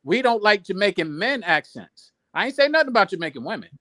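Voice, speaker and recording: A man's voice: high voice, very animated, fast, sharp tone, no room sound, clean studio sound. A man on a panel who argues his point insistently in casual debate, stammering and restarting his sentences.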